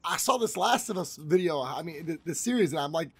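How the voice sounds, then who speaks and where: A man's voice: on the high side, expressive, brisk, creaky, slightly rough. A man giving casual let's-play commentary as a gaming channel host, rambling, repeating himself and swearing freely.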